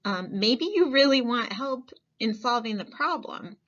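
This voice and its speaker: A woman giving a calm, coaxing life skills lesson. She asks the listener many reflective questions and often says "um". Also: fairly high pitch, measured pace, muffled recording. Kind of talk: gentle reflective lesson talk.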